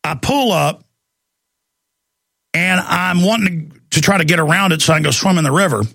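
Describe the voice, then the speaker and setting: A man hosting a talk radio show, ranting in a rambling, animated way. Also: high-pitched, normal speed, vocal fry, no echo. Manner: animated, rambling, acts out quoted voices. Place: radio studio.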